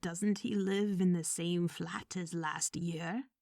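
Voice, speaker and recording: A woman reader voicing a grieving, mild-mannered man, speaking quietly and gently in an audiobook story. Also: on the low side, steady tone, slow, vocal fry, no room sound. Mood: subdued.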